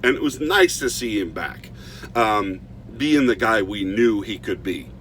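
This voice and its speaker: Middle-aged male reviewer, casual and animated, stumbles and restarts often, faint noise behind. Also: on the low side, a little slow. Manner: animated storytelling with frequent restarts. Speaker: movie reviewer.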